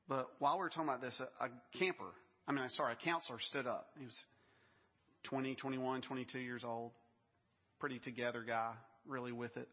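Guy pastor preaching, chatty storytelling, husky voice, big echoey church, kinda muffled sound. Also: mid-range voice. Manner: conversational storytelling with light laughs and asides. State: briefly choked up with emotion. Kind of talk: sermon. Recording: dull long reverb of a large hall.

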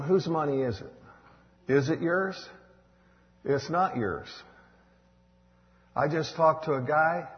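A preacher in full sermon mode, rising to loud bursts and dropping to hushed asides. His voice rings through a big hall with a long tail of reverb. The sound is a little dull and muffled. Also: on the high side. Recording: dull echoey hall recording.

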